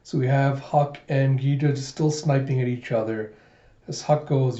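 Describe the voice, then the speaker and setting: A man hosting his own channel, summarizing a manga chapter by chapter in a relaxed, casual way, full of "he's like.". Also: medium pitch, moderate pace. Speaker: host of a manga review channel. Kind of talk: casual manga read-through. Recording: dull echoey room recording.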